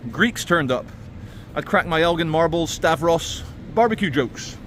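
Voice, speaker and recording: A man's voice: a little high, animated, a little slow, a bit bright, slight background noise. A man vlogging as he walks outdoors through a city, talking in a sardonic, ranting way. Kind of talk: walking vlog commentary.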